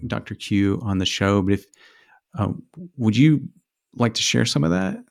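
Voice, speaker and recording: Male co-host, deep with a gravelly edge; casual and encouraging, halting delivery. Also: animated. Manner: supportive, halting, with restarts. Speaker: podcast co-host. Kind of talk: casual podcast conversation.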